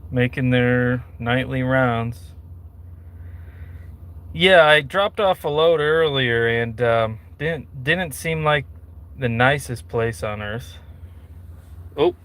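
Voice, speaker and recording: A man's voice: mid-range voice, takes it slowly, long pauses, a bit bright. A man talking casually on a live stream from his parked truck at night, rambling with dry, self-mocking asides.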